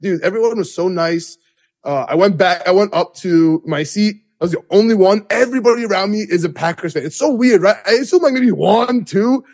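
A young man hosting a podcast, telling an excited, rambling story with many restarts. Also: high-pitched, fairly quick. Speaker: podcast host. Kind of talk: excited casual recap.

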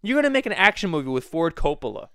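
A young man in casual comic chat, arguing and swearing in a lively way. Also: fairly high pitch, quick pace, creaky, dry recording, clean studio sound. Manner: animated, swearing, argumentative.

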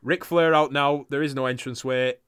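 A man's voice: mid-range voice, steady tone, moderate pace, a bit bright, clear, resonant tone, no room sound, studio quality. A man hosting a podcast in casual chat, swearing freely and laughing often. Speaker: podcast host. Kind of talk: casual chat, reviewing wrestling results.

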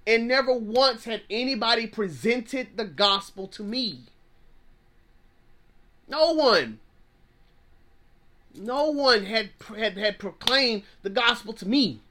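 Fervent high-voiced male pastor preaching. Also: expressive, slow, pauses often, pushed and bright. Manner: fervent, repeats phrases, plain-spoken slang. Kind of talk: preaching sermon.

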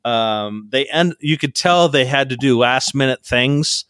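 A man's voice: medium pitch, measured pace, fairly bright tone, clear, resonant tone, no room sound. Dry, rambling man on a podcast. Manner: rambling, dry sarcastic asides. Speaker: podcast co-host. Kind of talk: casual chat recapping a reality show. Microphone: close podcast mic.

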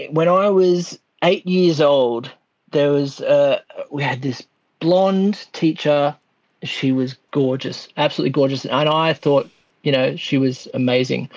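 A man's voice: medium pitch, dry recording, muffled recording. A man with an Australian accent, a podcast guest chatting casually, laid-back and swearing freely. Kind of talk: casual chat.

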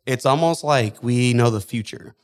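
A man's voice: mid-range voice, normal speed. A man co-hosting a casual podcast, a fitness coach speaking earnestly and steadily about his team.

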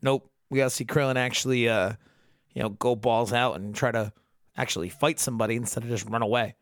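A man's voice: mid-range voice, fairly even intonation, a little fast, no echo, studio quality. A young adult man hosting a casual solo recap podcast, sarcastic and full of swearing and jokes. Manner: profane, sarcastic, jokey. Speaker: podcast host.

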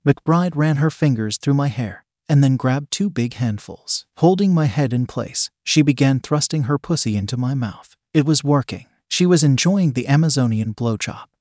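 A man narrating a first-person story in a steady, even storytelling manner. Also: medium pitch, no room sound, studio quality.

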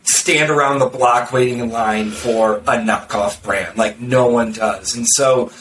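A man talking about marketing in a casual podcast conversation, blunt and sarcastic, with quick restarts and repeated words. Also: medium pitch, steady tone, fairly bright tone. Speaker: marketer discussing content strategy. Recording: roomy, distant mic with faint background noise.

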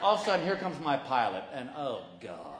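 A man's voice: medium pitch, big pitch swings, fairly quick, noisy background. A man performing a stand-up comedy routine, telling a story in a folksy way and acting out the voices of the people in it. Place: large hall before a live audience. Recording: roomy live venue sound.

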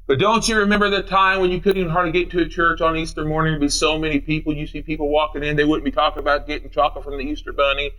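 A man's voice: a little high, flat delivery, racing, few pauses, pushed and bright. A man preaching an Easter sermon as pastor, running through scripture references with rising emphasis. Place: church sanctuary.

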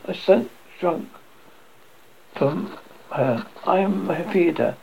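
A man's voice: high-pitched, animated, slow, creaky, long pauses, muffled recording, slight background noise. A man narrating a classic horror story in the first person, tense and lingering over each moment of dread.

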